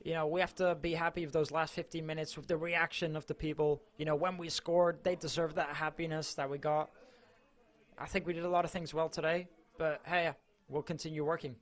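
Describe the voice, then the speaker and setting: A man's voice: fairly high pitch, little pitch movement, brisk. Man, footballer from Mallorca, post-match interview, earnest, emotional, voice cracking. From Mallorca, Spain.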